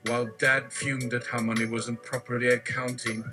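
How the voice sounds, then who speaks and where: Man, storyteller host, live story reading, wry asides, middling pitch, music behind. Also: level tone, normal speed, low-quality recording.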